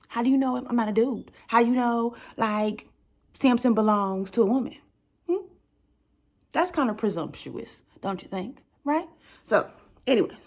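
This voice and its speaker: A young woman tells a comedic story in a conversational way and keeps checking in with her listener. Her voice sits high and swings widely as she talks. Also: moderate pace. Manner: animated, conversational, keeps asking the listener "right?". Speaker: vlogger telling a story.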